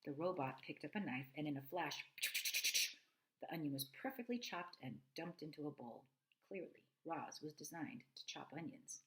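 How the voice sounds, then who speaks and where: A woman reading a children's novel aloud, expressive, with asides to her listeners. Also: low voice, moderate pace, a little hiss or hum, low-quality recording. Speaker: reader.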